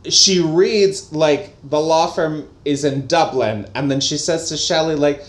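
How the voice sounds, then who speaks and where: A man's voice: fairly high pitch, measured pace, hardly any pauses, reverberant. A man co-hosting a casual, jokey book-review chat. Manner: animated, jokey. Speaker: podcast co-host.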